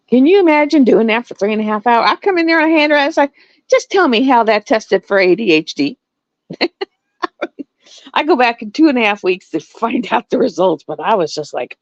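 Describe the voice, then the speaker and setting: A middle-aged woman chatting casually to viewers, animated and laughing often. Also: fairly high pitch, normal speed, long pauses, no echo, lo-fi sound. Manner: animated storytelling, laughs often, swings between voices. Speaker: live stream host.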